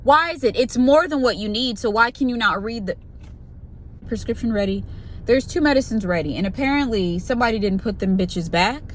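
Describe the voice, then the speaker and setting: A woman's voice: fairly high pitch, fairly quick, a little hiss or hum. A young woman venting profanely about her new pharmacy technician job, in a rant-style vlog. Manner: profane, exasperated, animated retelling with quoted voices. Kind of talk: ranting storytime vlog.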